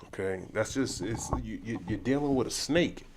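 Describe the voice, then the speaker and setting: A man with a fairly low voice preaches over a livestream, quoting scripture and picking apart news clips. He circles back on his words, stumbles through restarts, and his tone turns loud and indignant when he pushes back on what he sees. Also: moderate pace, noisy background. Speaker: livestream host. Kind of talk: scripture teaching mixed with news reaction.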